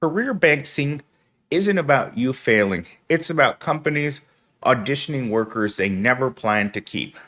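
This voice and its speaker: A man's voice: mid-range voice, a bit bright. Congested, nasal-voiced man vlogging. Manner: blunt and sardonic. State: sick and congested. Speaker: YouTuber. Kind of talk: casual vlog commentary.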